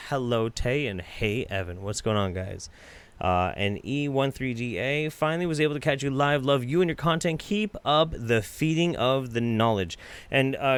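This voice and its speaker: A man hosting a live stream, reacting to videos with profane, sarcastic rants and reading out viewer donations. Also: fairly low pitch. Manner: reads viewer donations aloud.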